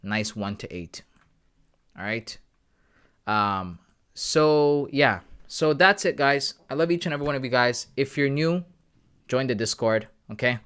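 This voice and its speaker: A man's voice: medium pitch, expressive, unhurried, a bit bright, smooth. A man from Canada hosting a live trading stream, talking casually and with hype, often calling his viewers guys. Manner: chatty, hyped, calls viewers bro and guys. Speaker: trading livestream host.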